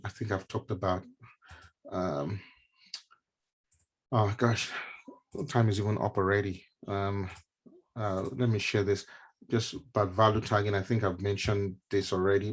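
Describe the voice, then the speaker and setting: A man's voice: lowish voice, breathy edge. A man, a neurologist, giving a conversational mentorship talk with slides, repeating key phrases and dropping casual asides. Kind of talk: motivational teaching talk with slides. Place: online stream presentation.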